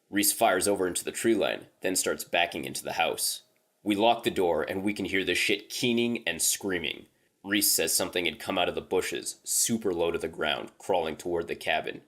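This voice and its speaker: A man with a very low, deep voice narrates a first-person horror story. His delivery is casual and loose, and the swearing falls easily into the telling. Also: fairly bright tone.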